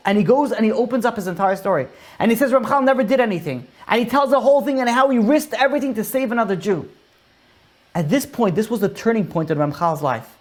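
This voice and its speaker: A man, a rabbi giving a Torah lecture and telling a story with lively acted-out dialogue. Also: high voice. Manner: animated storyteller acting out dialogue.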